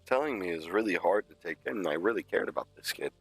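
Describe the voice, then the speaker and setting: A man voicing a male scholar who grieves a lost student, speaking earnestly and a little haltingly. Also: low-pitched, expressive, vocal fry, slightly rough, soft background music, heavily acted. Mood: saddened.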